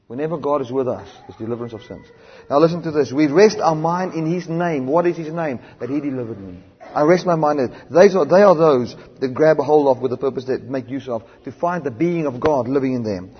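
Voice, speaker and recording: A man preaching a sermon, switching between loud emphatic declarations and quiet low asides. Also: a little fast, breathy edge. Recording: dull sound with long hall reverb.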